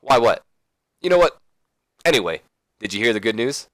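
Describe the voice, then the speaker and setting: A man's voice: medium pitch, very animated, moderate pace, dry recording, clean studio sound, lightly acted. A man voicing a put-upon male wrestler who reacts in disbelief and exasperation to his partner. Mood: exasperated. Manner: incredulous, exasperated.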